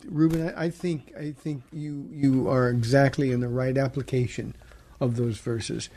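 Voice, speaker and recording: A male radio pastor answering a caller with measured, reassuring Bible teaching. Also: medium pitch, steady tone, mellow, slight background noise.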